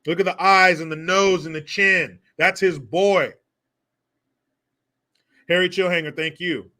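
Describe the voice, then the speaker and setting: A man hosting a casual commentary vlog in a bright, forward voice pitched a little above the usual. He talks with a sarcastic, mocking edge, swears freely and breaks into laughter often. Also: fairly even intonation, unhurried. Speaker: host.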